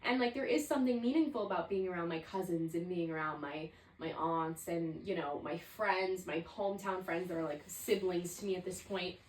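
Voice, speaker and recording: Speaking briskly with hardly a pause, a twenty-something podcast host delivers a reflective, meandering solo monologue full of "like." Her voice sits on the low side, captured in a low-quality, roomy recording far from the mic.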